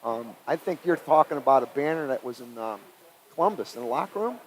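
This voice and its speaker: A middle-aged man, a high school football head coach telling stories in a casual chat, animated and laughing. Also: brisk, rough recording.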